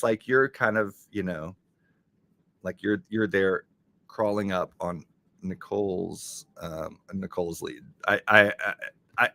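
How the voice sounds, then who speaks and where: A man hosting a casual live stream, reading chat and thanking viewers in an excitable way. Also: lowish voice.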